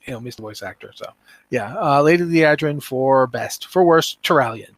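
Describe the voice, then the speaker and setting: A man hosting a casual podcast, talking in an animated, rambling way with many restarts. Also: mid-range voice, moderate pace, dry recording. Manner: animated, rambling, self-interrupting. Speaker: podcast host.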